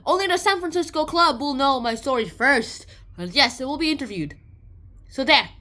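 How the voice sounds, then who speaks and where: A woman's voice: high-pitched, lively intonation, normal speed, sharp tone, voice pushed up. A woman voicing a proud, stubborn male balloon explorer who refuses questions with clipped, haughty lines.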